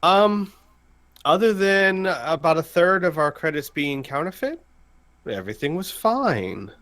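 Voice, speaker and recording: A man's voice: fairly high pitch, very animated, a little slow, fairly bright tone, pitched above the performer's own voice. A man voicing his adventurer character in a tabletop game, chatty and hesitant. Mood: casual. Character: Al, a male adventurer keeping the team informed. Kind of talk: tabletop role-play.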